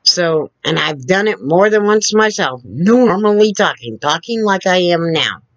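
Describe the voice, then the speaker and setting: A woman vlogger lectures into her computer camera from a couple of feet away, taking her time and swinging her pitch widely as she hammers points home with "okay?". The sound is dull and lo-fi, with a dry, close feel and no room echo. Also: animated, measured pace. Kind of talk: direct-to-camera opinion rant. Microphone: camera on a computer two feet away.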